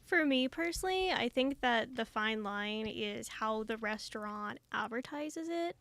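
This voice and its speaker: A woman from the northern United States, a guest on a podcast, giving her opinions in a measured, casual way with frequent "um"s. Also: a little high, animated, vocal fry, fairly bright tone, no room sound. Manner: measured, opinionated, fond of "um" and "for me personally". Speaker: podcast guest, food photographer. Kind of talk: casual chat.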